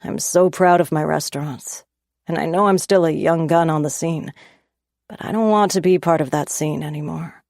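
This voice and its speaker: A woman reading the lines of an earnest young male chef in a low, soft, confiding voice. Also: moderate pace, no echo, clean studio sound. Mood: confessional. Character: man, young restaurant owner, charming and earnest.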